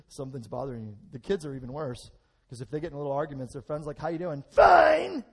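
A middle-aged man preaching a lively sermon, swinging between loud and hushed, acting out bits of dialogue. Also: mid-range voice, quick pace, husky.

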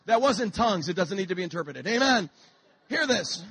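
Brief: male preacher, very high bright voice, dry close sound, fiery and jokey sermon. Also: very animated, normal speed, husky, no room sound. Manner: shouting, joking, high-energy preaching. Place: church.

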